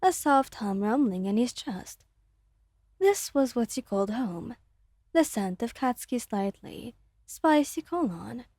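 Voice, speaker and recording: A woman narrating a romantic fan story in a soft, slow, gentle ASMR reading. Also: on the high side, no room sound, studio quality.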